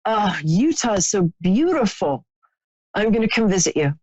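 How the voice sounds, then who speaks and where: A woman's voice: mid-range voice, sing-song, normal speed, darkish tone, no echo, dull audio. A woman hosting a live stream, chatting sympathetically with a caller as she gives a psychic reading, with many fillers and restarts.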